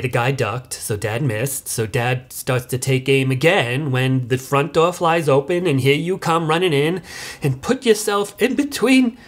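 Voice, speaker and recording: A woman's voice: fairly low pitch, close to an everyday voice. An actress playing a self-righteous, oblivious middle-aged suburban mother, rambling in a comic monologue of video messages.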